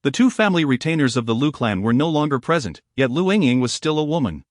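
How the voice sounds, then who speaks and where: A man narrating a serialized novel in an even, formal storytelling manner. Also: mid-range voice, quick pace, dry recording, clean studio sound. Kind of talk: scripted audiobook narration.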